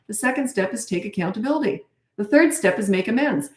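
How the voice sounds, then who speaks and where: A middle-aged parenting coach on a casual live stream hands out blunt, confident advice, acting out the dialogue she quotes. Her medium-pitched voice is animated and runs a little fast, and the room she's in is echoey.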